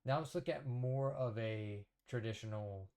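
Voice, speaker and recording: A man's voice: mid-range voice, unhurried, dark tone, smooth. A man teaching a casual whiteboard lesson, thinking aloud, correcting himself and checking in with the viewer. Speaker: language teacher.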